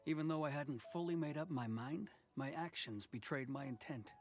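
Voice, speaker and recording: Actor as a reserved male official, game dialogue, measured delivery with a dry wit. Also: fairly high pitch, faint music behind, lightly acted. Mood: restrained.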